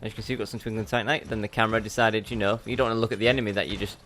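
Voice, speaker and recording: A man's voice: fairly low pitch, fairly even intonation, rapid-fire, a bit bright, slight background noise. A man hosting a let's play, giving chatty, self-mocking commentary as he plays and talking back to the game. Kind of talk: gameplay commentary.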